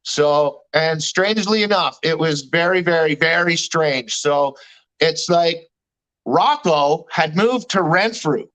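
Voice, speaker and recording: A man with a notably high-pitched voice speaks in a loose, casual chat. He is candid and slangy, and he swears without holding back. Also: takes it slowly, a bit bright, rough recording. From Canada. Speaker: guest. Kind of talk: casual chat recounting a dream.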